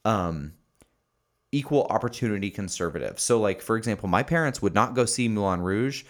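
A man's voice: fairly low pitch, expressive, fairly quick. A young man casually telling a story on a podcast, with many fillers and laughs. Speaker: podcast co-host. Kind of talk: casual chat.

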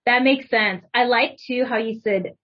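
A woman hosting a podcast, chatting casually and warmly with lots of fillers. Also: a little high, unhurried, lo-fi sound. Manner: friendly, chatty, lots of likes and ums. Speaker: podcast host, therapist. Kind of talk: casual interview chat.

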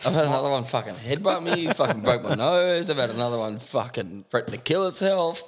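A man's voice: mid-range voice, fairly quick. An Australian man hosting a casual podcast, telling crude stories with laughter and lots of swearing. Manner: crude, laughing, animated storytelling. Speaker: podcast host. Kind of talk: casual storytelling chat.

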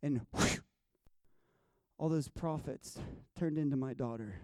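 A man, a guest minister, telling stories of his dreams and visions, swinging between hushed tones and loud bursts. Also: mid-range voice, takes it slowly, no echo, studio quality. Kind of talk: storytelling about dreams and visions.

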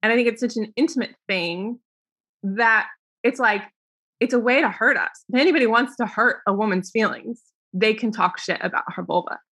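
A woman's voice: on the high side, normal speed, a bit bright, slightly rough. A young woman talking as a podcast guest in a chatty, casual way, laughing often and acting out what other people said. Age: young adult. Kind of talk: casual interview talk.

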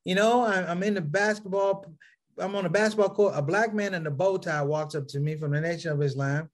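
Telling a story on stage, this comedian calls the crowd his brothers and sisters and moves from quiet asides to yelled punchlines. His delivery is brisk.

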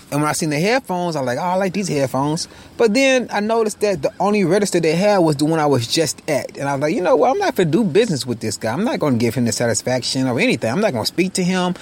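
A man with a slightly raised voice tells a personal story in a loose, casual monologue. His delivery is frank and animated, and he swears freely. He is recording from inside a car. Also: a little high. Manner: frank, profane, animated retelling. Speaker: podcast host.

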